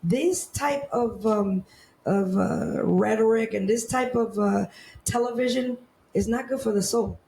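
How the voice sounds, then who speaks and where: A woman's voice: on the high side, unhurried, gravelly, warm tone. A woman co-hosting a podcast in casual chat, laughing often and repeating words as she tells stories. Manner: chatty, laughing, repeats words while storytelling. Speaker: podcast co-host. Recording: echoey room with faint ambience.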